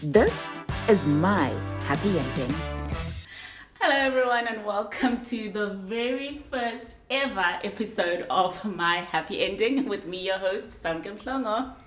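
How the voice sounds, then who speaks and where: A woman in her thirties with a Johannesburg South African accent, hosting a casual podcast, lively and teasing, laughing often. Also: medium pitch, a little slow, hardly any pauses, roomy sound, soft background music. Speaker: podcast host.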